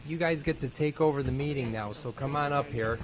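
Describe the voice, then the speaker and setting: A man's voice: mid-range voice, brisk. A man chairing a school board meeting, joking and encouraging as he talks with young students. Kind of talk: friendly meeting chair talking with children. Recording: loud background noise.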